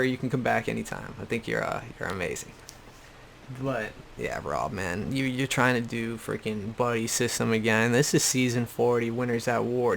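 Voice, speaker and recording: Young man, gravelly voice, blunt profane rambling recap, faint hiss behind. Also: medium pitch. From Boston area. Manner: profane, blunt, repeats himself. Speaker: YouTube recap host. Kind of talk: casual rant-style show recap. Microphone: desktop USB microphone.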